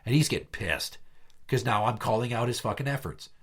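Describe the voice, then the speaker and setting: Animated, swearing man telling a story. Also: mid-range voice, a little fast, husky. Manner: animated, profane, acts out quotes loudly. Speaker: podcast host. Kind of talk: casual storytelling chat.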